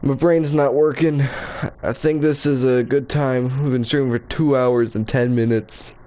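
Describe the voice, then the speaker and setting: A man's voice: medium pitch, fairly even intonation, unhurried, dark tone, low-quality recording. A man streaming a game live, chatting in a rambling, self-deprecating way to a few viewers.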